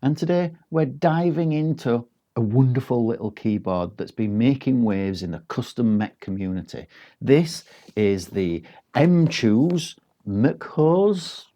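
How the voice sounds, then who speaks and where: A man's voice: medium pitch, lively intonation, measured pace, warm tone. A man giving a casual, rambling product review, with frequent ums and restarts. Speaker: tech reviewer.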